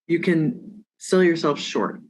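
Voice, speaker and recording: A woman's voice: deep voice, slow, a little mellow, poor audio. A woman hosting a podcast interview, chatty and rambling, with lots of fillers and small agreeing noises. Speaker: podcast host. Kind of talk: casual interview conversation.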